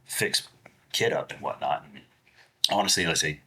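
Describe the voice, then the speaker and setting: A man's voice: extremely low pitch, normal speed, sharp tone, breathy edge. A man in his forties, a podcast guest chatting casually, blunt and profane, laughing easily. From United States. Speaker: guest, dog gear maker.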